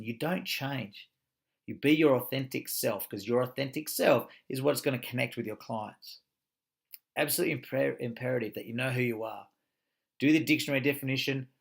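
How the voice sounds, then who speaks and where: A man's voice: mid-range voice, vocal fry. A man teaching a motivational coaching course, speaking emphatically, swearing freely and firing rhetorical questions.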